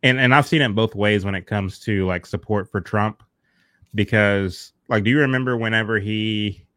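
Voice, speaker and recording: A man hosting a casual political chat, measured and careful in his phrasing. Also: on the low side, fairly bright tone, no echo, studio quality.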